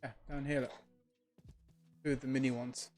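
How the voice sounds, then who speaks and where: A man's voice: medium pitch, little pitch movement, moderate pace, a little mellow. A man streaming a game live, casually thinking aloud and chatting back to his viewers. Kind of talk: relaxed live-stream gaming chat. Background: faint lo-fi music.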